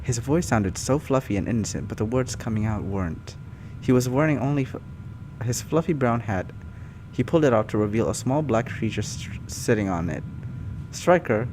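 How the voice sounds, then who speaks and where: A man doing a comic read-through of fan fiction, animated and often breaking off to laugh and comment. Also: medium pitch, fairly quick, slight background noise. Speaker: YouTuber reading fan fiction. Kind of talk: comic reading with live reactions.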